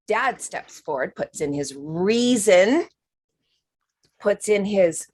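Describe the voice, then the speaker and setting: A woman's voice: mid-range voice, expressive, slow pace. A woman giving a spiritual healing reading on a live stream, talking frankly and emphatically, swearing now and then and calling the listener honey.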